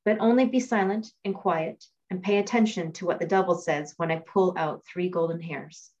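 A woman's voice: lowish voice, moderate pace, darkish tone, close to an everyday voice. A woman voicing the devil's shrewd old grandmother in a read-aloud fairy tale, scolding and coaxing. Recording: dull lo-fi recording.

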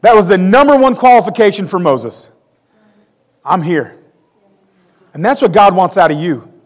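A man's voice: high voice, animated, a little fast. A man in his forties preaching a conversational sermon with self-deprecating humor. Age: 40s. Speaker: pastor.

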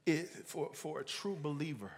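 A man's voice: on the high side, lively intonation, normal speed. A man preaching a sermon, emphatic and repeating his key lines for weight. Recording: long hall reverb.

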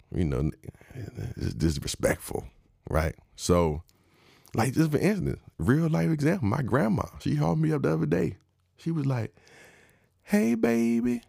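A young man, giving a wry, mock-instructive comedic rant that jumps high in pitch for emphasis. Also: creaky, darkish tone, no room sound, studio quality.

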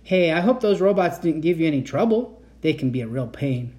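A man's voice: sing-song, fairly quick, mellow. A man reading a children's book aloud, voicing a flustered, absent-minded uncle inventor in a raised, fussy, apologetic voice. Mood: breezy. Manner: fussy, apologetic, higher than the reader's own voice.

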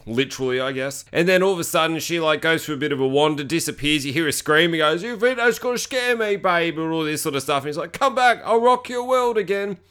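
A man's voice: a little high, a bit bright, smooth. A man hosting a podcast, casually recapping a bad movie with lots of swearing and jokey asides. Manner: sweary, jokey, acts out characters in goofy voices. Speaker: podcast host. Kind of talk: casual movie-review monologue.

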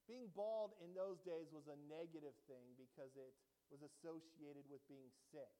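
A man preaching from the pulpit, his voice sitting high for a man. He talks animatedly, trading jokes with the congregation and slipping into mocking voices. The room carries a long reverb. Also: moderate pace, dark tone. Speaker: pastor. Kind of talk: sermon. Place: church sanctuary.

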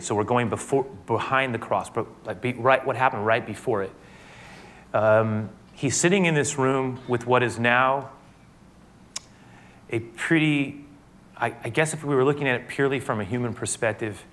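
A male pastor giving a conversational sermon, often restarting phrases and growing louder and higher when he quotes scripture. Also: a little hiss or hum.

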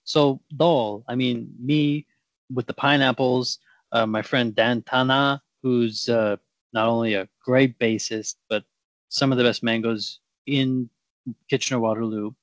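A man's voice: mid-range voice, steady tone, a little slow, dry recording, close to an everyday voice. A man playing a brash male fruit-growing scientist in an improv comedy sketch, talking in pushy, rambling banter. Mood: pitching.

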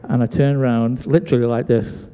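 A man's voice: mid-range voice, a little fast, clear, resonant tone. A man preaching a sermon, acting out the voices of people in his story. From Britain. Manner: animated storyteller acting out dialogue. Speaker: pastor. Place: church sanctuary. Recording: long church hall reverb.

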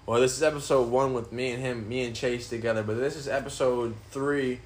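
A man's voice: medium pitch, steady tone, brisk, slight background noise. A man hosting a casual podcast in his apartment, talking loosely and rambling with a lot of swearing. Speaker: podcast host. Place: apartment room.

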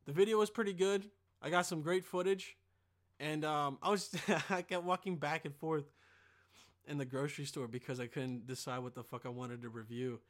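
A young man hosting a podcast in a casual, rambling monologue, profane and excitable, with sudden loud bursts. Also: a little high, normal speed. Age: young adult. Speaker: podcast host.

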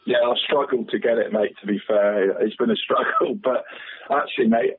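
A man's voice: lowish voice, animated, moderate pace. A man chatting about local football on the radio, rambling, laughing often and calling everyone "mate". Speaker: regular football pundit. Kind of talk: casual radio chat. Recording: husky voice over a tinny phone line.

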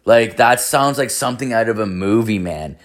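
A man's voice: lowish voice, normal speed. A man casually telling a story, rambling and swearing freely, with constant filler words. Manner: rambling, profane, filler-heavy.

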